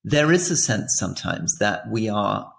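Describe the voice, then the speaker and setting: A man's voice: fairly low pitch, very animated, unhurried, vocal fry, a bit bright. A British man co-hosting a political podcast, explaining world affairs in an earnest, conversational way. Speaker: podcast co-host. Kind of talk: casual political chat.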